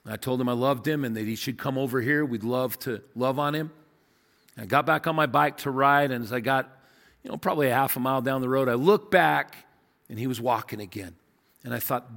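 A middle-aged man preaching a sermon as a pastor, earnest, moving from loud to hushed. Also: medium pitch, a little fast, creaky. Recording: long hall reverb.

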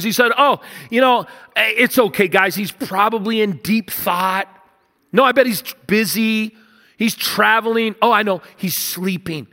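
A man preaching a sermon, telling a story with animated asides and dropping to hushed intensity at key moments. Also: high-pitched. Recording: long reverb of a large hall.

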